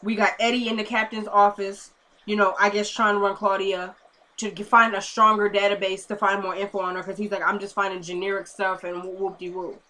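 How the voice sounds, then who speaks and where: A woman recapping a TV episode in a chatty, excitable and slangy way. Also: medium pitch, fairly quick. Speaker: TV episode reviewer. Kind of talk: casual recap commentary.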